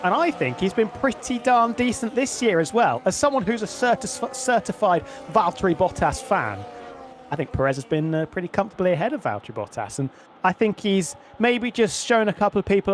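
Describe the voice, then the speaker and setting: A man's voice: high-pitched, big pitch swings, a little fast, faint music behind. A man co-commentating a sim race, chatty and opinionated as he trades views with the lead caller. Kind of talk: sim racing colour commentary.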